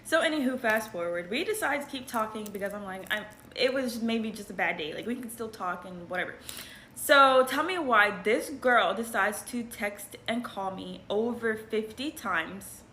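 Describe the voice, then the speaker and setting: A woman's voice: on the high side, animated, normal speed, pushed and bright. A woman telling a dating story in a casual, exasperated, incredulous way. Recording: echoey room with faint noise.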